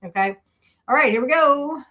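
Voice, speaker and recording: Her voice sits high and sounds pushed and bright, with lively intonation at a moderate pace. She's a podcast host chatting casually, restarting often and using many fillers, in an indoor room backed by a wrestling display.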